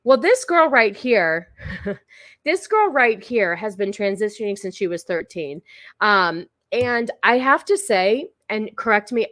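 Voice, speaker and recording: A woman's voice: mid-range voice, a bit bright, no room sound, clean studio sound. A woman hosting a casual live stream, talking in a chatty, rambling way with many fillers and restarts. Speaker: streamer host.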